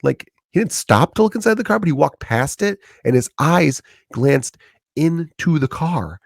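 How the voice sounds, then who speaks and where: A man's voice: a little high, expressive, normal speed, vocal fry, no room sound, studio quality. A man in his thirties with a Chicago accent, a comedian hosting his podcast and ranting in a profane comedic monologue. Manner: profane, ranting, acts out quoted voices.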